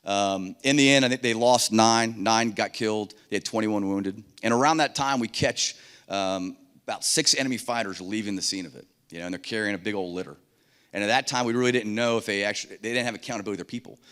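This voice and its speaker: A middle-aged man giving a keynote on a conference stage, telling stories in an animated way and acting out the dialogue. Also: lowish voice, quick pace, smooth. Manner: animated, acts out dialogue in voices. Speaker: keynote speaker. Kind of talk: keynote storytelling.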